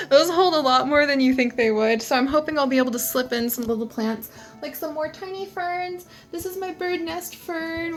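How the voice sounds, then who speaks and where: A woman vlogging in a casual, chatty and enthusiastic way, with lots of "like" fillers. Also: high-pitched. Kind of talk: casual chat.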